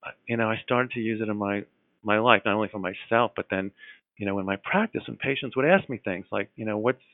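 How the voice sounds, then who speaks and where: An enthusiastic man recounts his experience in a loose, conversational way, stumbling and restarting as he goes. His voice sits low, and the recording is dry and narrow, as if heard over a telephone. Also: fast talker, no room sound. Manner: earnest, full of fillers and restarts, enthusiastic. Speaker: guest telling his story. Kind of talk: casual conversational storytelling. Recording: tinny phone-like line.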